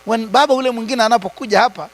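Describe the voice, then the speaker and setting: A man giving a high-voiced motivational talk. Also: racing, low-quality recording. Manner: switches between English and Swahili, asks the audience rhetorical questions. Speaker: retreat speaker.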